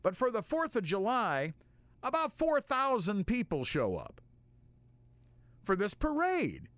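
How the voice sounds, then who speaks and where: A man's voice: sits high, huge pitch swings, unhurried, a bit bright, no echo, pitched above the performer's own voice, heavily acted. Man doing an easygoing small-town sheriff. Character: laid-back middle-aged male small-town sheriff.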